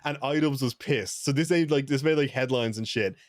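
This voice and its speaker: A man's voice: medium pitch, fairly quick. A man, a podcast guest telling a long story in a rambling, swear-heavy casual way with lots of fillers.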